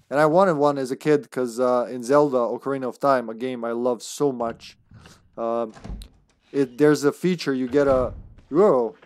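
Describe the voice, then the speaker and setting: A man's voice: medium pitch, a little mellow, dry recording. A man streaming a horror game live, chatting casually and rambling, laughing often between remarks. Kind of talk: casual gameplay commentary.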